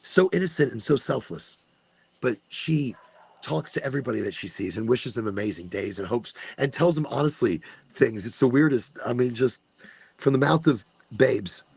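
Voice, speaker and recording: Speaking at normal speed, this man in his forties has a medium-pitched, creaky voice with some breathiness. He hosts a podcast, delivering a casual, animated monologue, cursing freely and performing his own inner talk from the mirror.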